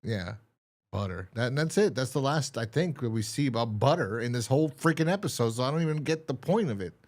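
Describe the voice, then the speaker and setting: A man's voice: medium pitch, animated, a little fast. A man co-hosting a podcast in casual chat, rambling and exasperated as he retells a TV episode and acts out its lines. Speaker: podcast co-host.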